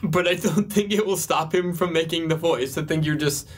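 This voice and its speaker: A young man with a fairly high voice talks through viewer questions in a loose, casual advice chat. He laughs often and leans on fillers as he thinks aloud, easygoing rather than polished. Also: normal speed, husky. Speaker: co-host answering viewer questions.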